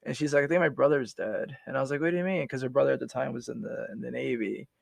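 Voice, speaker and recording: A man's voice: medium pitch, steady tone, quick pace, creaky, breathy edge, no echo. A man in his forties, a veteran guest on a podcast, telling his story in a rambling, casual way with many restarts and fillers.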